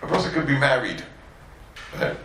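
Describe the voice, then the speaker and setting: Very animated at a moderate pace, this rabbi's mid-range, gravelly, fairly bright voice carries a Torah class for yeshiva students. He hails from Borough Park, New York, and acts out quotes, repeats words, and uses Yiddish and Hebrew terms. It's a low-quality, distant recording with heavy reverb and slight background noise.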